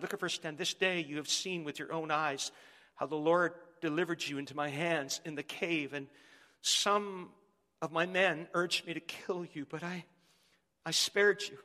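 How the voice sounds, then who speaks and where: High-voiced pastor preaching in a hall. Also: male voice, a little slow. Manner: animated preaching, jokes with the congregation. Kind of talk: sermon.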